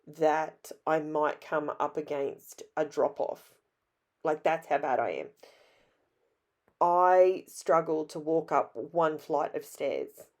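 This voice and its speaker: A middle-aged Australian woman with a hoarse, raspy voice, chatting in a rambling, self-deprecating way as she narrates her scrapbooking. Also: low-pitched, darkish tone. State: hoarse from illness. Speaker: scrapbooking vlogger. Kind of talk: casual voice-over narration.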